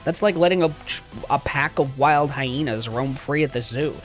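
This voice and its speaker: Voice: medium pitch, moderate pace, soft background music. A livestreamer chatting casually with viewers, joking and launching into profane mock rants. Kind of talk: casual live-stream chat.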